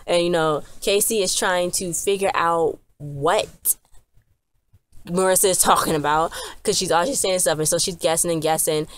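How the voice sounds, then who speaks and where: This is a woman reviewing a TV episode for her channel in a loose, conversational way. Her voice sits slightly on the low side, and she meanders through the story with plenty of fillers and "she was like" asides. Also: steady tone, moderate pace, no echo. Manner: rambling and chatty, with many fillers and "she was like" retellings. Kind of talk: casual episode recap to camera.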